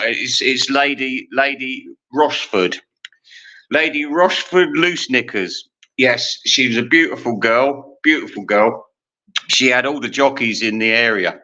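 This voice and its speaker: Bright-voiced ranting man. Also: medium pitch. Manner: profane, ranting, laughs at own jokes. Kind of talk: rambling monologue. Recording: dull lo-fi recording.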